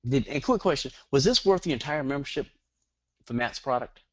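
Middle-aged Southern US man, fast, joking webinar trainer; plain dry, muffled call audio. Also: mid-range voice, animated, dry recording. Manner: rambling, joking, fast-talking. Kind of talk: online marketing webinar.

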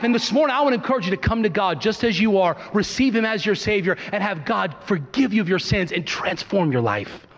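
High-voiced man preaching a sermon. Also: animated, brisk, hardly any pauses. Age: 30s. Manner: emphatic preaching with repeated phrases. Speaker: pastor. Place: church sanctuary. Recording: reverberant church hall, dull sound.

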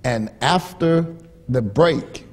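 A man preaching a sermon as pastor, repeating key phrases and swinging from hushed storytelling to rising, emphatic shouts. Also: mid-range voice, extremely slow, husky.

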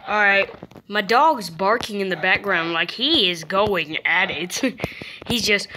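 A woman's voice: mid-range voice, unhurried, sharp tone, slight background noise. A young woman giving chatty, playful gameplay commentary, talking to the animals in her game. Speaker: gamer.

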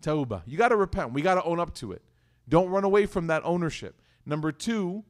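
A man teaching religion to a live audience in a chatty, animated way, often stopping to ask the listeners questions. His voice sits a little on the high side for a man. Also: fairly quick. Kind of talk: lively talk to a live audience.

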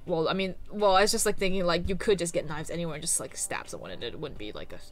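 A woman doing a casual, voiced playthrough of a game with friends, swearing and tossing off quick asides. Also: on the low side, expressive, soft background music. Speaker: fan voice actor and let's-play commentator.

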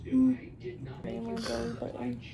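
A woman's voice: on the high side, big pitch swings, measured pace, vocal fry, background noise. A nineteen-year-old woman vlogging in casual chat from a hospital room, giggly and rambling, with many filler likes.

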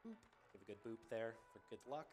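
A man commentating live on his own speedrun, explaining the game in a relaxed way with many ums and uhs. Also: fairly low pitch, brisk, soft background music. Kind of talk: live commentary while playing.

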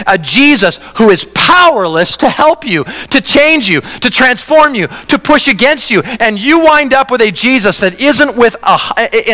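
A man pastor giving a conversational, animated sermon in a church. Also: sits high. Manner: conversational preaching, animated, acts out quoted voices. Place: church sanctuary. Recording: reverberant church hall.

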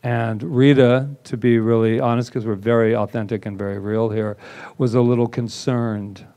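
Man, reverend, storytelling talk, theatrical, self-mocking, acts out quotes, average pitch. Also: little pitch movement, moderate pace, warm tone. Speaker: reverend presenting at a spiritual center.

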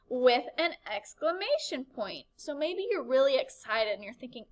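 A woman's voice: high-pitched, sing-song, moderate pace, hardly any pauses, poor audio. A woman teacher giving a recorded writing lesson to young children, upbeat and encouraging, asking the class questions.

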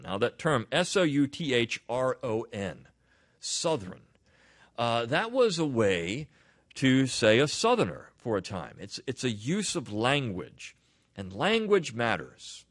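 A man hosts a weekly roundup in a loose, conversational way, drifting into asides and restarting his sentences as he goes. His pitch moves a lot, rising and falling with emphasis. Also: very animated, a little slow. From Delaware. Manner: rambling, with frequent restarts and asides. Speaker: podcast host. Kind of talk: casual spoken commentary.

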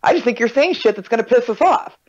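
A podcast host who tells stories with a very lively, swooping voice, acting out every quoted exchange. The sound is dull and lo-fi. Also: medium pitch, fast. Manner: animated storyteller, acts out quotes. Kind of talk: casual conversation. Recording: dull lo-fi recording.

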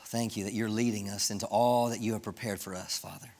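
A man's voice: lowish voice, fairly even intonation, fast talker, gravelly, darkish tone, long reverb tail, a little hiss or hum. A man preaching a sermon, asking the congregation questions and building emphasis as he reads scripture. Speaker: pastor. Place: church sanctuary.

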